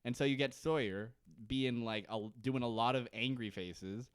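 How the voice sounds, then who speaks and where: A man's voice: medium pitch, smooth, no echo, studio quality. A man co-hosting a podcast, recapping a TV episode in casual, rambling chat with frequent laughs. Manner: rambling, laughing, quick to joke. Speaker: podcast co-host.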